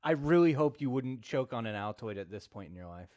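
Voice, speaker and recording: A man in casual podcast chat teases his friend. His tone is dry and his pitch sits in the middle. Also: animated, brisk, a little mellow. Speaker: podcast co-host.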